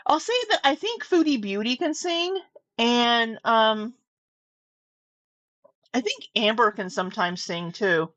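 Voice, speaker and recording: Speaking slowly with frequent pauses, a woman with a fairly high, expressive and fairly bright voice rambles through reaction commentary, swearing and restarting. She's a commentary vlogger from Southwest Missouri with a Midwestern American accent, recording at her desk at home. The camera mic is close up and there's no echo.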